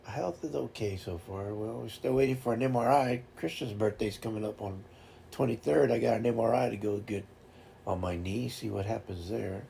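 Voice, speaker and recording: A man's voice: fairly low pitch, moderate pace, vocal fry, dark tone, slight background noise. A man hosting a casual chat stream, telling rambling fishing stories with lots of restarts and laughter. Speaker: streamer host.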